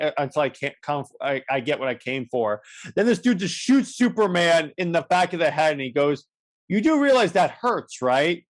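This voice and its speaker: Rambling man recapping a comic. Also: fairly high pitch. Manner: rambling, many restarts, acts out lines. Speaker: podcast co-host. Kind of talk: casual chat recapping comics.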